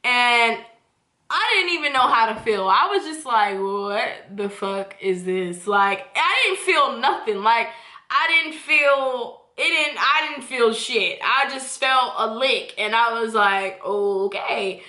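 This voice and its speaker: Young woman, 20s, candid and profane vlogger, bright tense voice, roomy echo. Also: a little high, takes it slowly. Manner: candid, profane, animated retelling. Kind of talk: casual storytime chat.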